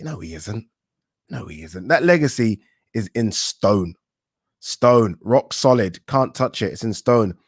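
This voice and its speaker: A man hosts his boxing channel, reading out viewer comments in a relaxed, joking manner and swearing casually. His voice sits on the low side. The sound is dry and close, with no room echo. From England. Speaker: boxing YouTube host.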